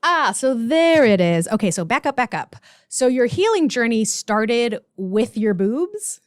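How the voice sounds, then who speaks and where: A woman co-hosting a podcast, prompting the story with curious questions and quick reactions. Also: fairly high pitch, big pitch swings, no room sound, studio quality. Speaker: podcast co-host asking questions. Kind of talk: casual chat.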